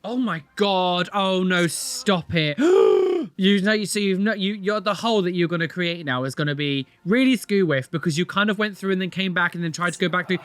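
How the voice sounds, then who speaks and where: A man comments on clips in a high, animated voice that keeps exclaiming and repeating itself. The sound is dry and close, with no room around it. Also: a little fast, hardly any pauses, clean tone, dry recording. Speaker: reaction video host. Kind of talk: casual reaction commentary.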